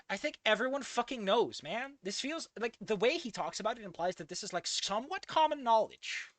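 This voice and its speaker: Lively high-voiced man ranting. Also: brisk, few pauses, no echo. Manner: profane, exasperated ranting. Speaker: fan fiction reviewer. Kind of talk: casual commentary reading a story aloud.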